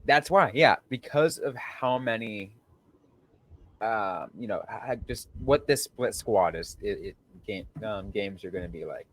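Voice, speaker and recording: A man's voice: on the low side, lively intonation, measured pace. A man hosting a sports podcast in a loose, casual way, with lots of fillers and sentences that trail off. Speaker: podcast host.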